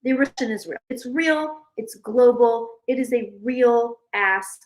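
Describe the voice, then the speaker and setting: A woman hosting a casual livestream, telling a rambling, animated story full of restarts. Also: fairly high pitch, measured pace, rough recording. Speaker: psychic livestream host. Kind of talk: casual chat.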